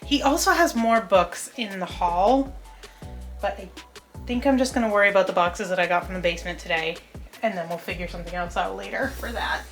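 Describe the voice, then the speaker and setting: A woman's voice: medium pitch, a little fast. A young woman chatting casually as she sorts books at home, scattered and laughing often. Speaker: book vlogger. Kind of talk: casual chat while organizing. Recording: music playing underneath.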